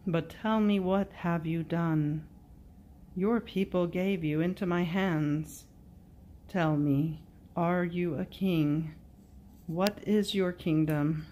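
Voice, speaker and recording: A woman voicing Pilate, a wavering Roman governor, as he questions and pleads in a slow, measured way. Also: lowish voice, steady tone, mellow, a little hiss or hum. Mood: questioning.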